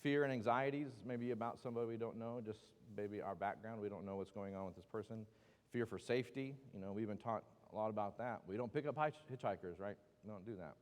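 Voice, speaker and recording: In a church meeting room that sounds like a large hall, a man teaches a Bible class casually, cracking jokes and wandering into asides. His voice is fairly low and darkish, and he talks fast.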